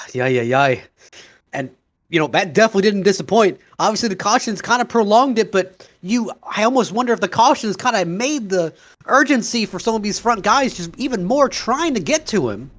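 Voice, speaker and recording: A man's voice: high voice, lively intonation, brisk, fairly bright tone. A man adding color commentary to a race broadcast, laid-back and chatty.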